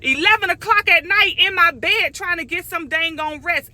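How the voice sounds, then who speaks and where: A middle-aged woman, telling a story in a casual vlog, animated and sassy, talking straight to her viewers. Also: very high-pitched, moderate pace, dry recording. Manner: animated, sassy, talks straight to viewers with lots of "okay?" and "y'all". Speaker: vlogger.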